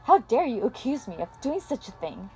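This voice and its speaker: A woman's voice: fairly high pitch, a little fast, warm tone, lightly acted, poor audio. A fragile young mother who pleads and defends herself in an emotional voice, as a woman reading the story puts her on. Faint music plays underneath. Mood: defensive.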